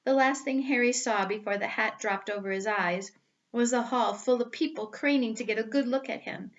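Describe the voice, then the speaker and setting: A woman reading a storybook aloud with careful, expressive delivery. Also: a little high, normal speed, dull audio.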